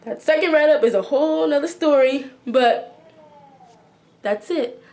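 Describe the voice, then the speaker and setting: A woman's voice: high voice, measured pace, a little mellow. A young woman vlogger chattily retelling a school story, acting out the quotes as she goes. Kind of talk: storytime vlog.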